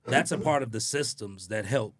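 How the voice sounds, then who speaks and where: A man on a podcast, a sales trainer talking in a casual, animated way and acting out quotes. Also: mid-range voice, normal speed, dry recording, clean studio sound. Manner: animated storytelling, acts out quotes.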